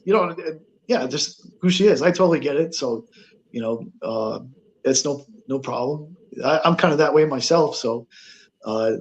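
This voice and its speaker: A man telling a ghost story as a guest on a paranormal talk show, halting, with many fillers and restarts. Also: a little high.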